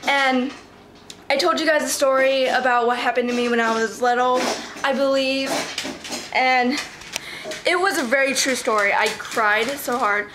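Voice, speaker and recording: A teenage girl vlogging outdoors in her yard, excitable and swearing a lot as she calls her dogs. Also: high-pitched, measured pace. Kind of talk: casual vlog. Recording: noisy outdoor ambience.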